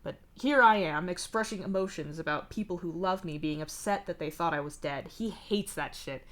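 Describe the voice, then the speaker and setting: A woman reading the lines of a sardonic, profane young man in a live fanfic reading, with a wry, deadpan delivery. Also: lowish voice, normal speed, lightly acted. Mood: bitter. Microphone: streaming mic.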